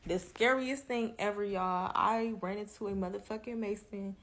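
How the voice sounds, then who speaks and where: Woman telling a creepy date story, animated, cussing a lot, chatty. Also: medium pitch, normal speed, a little hiss or hum. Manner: animated, profane, addresses listeners as y'all. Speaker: storyteller in a reaction clip. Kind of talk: casual storytelling.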